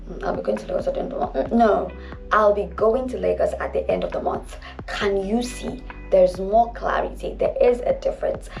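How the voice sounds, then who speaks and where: Nigerian woman diction coach, slow, emphatic delivery over soft background music. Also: medium pitch, vocal fry. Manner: deliberate, emphatic, demonstrative. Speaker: diction instructor. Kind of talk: instructional video lesson.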